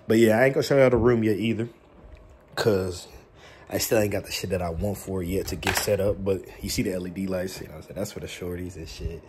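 A young man hosts a mukbang vlog from his bedroom, lit with colored LED lights, chatting casually with viewers. He talks fast in a low voice, joking and boasting in loose slang, over a noisy background.

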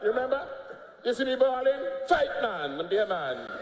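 An older man with an Antiguan accent, a politician, delivers a combative, mocking speech in the parliament chamber, throwing laughing jabs. His voice is very high with big pitch swings and a fairly quick pace, and the echoey chamber gives a long reverb.

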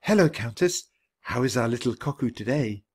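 A man voicing a polite, earnest young Victorian woman who talks gently about what fascinates her. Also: mid-range voice, animated, normal speed, slightly rough.

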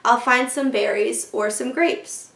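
A woman's voice: a little high, measured pace, creaky, a bit bright, roomy sound. A woman voicing a friendly, lonely male soldier in a children's storybook reading, with a kindly manner.

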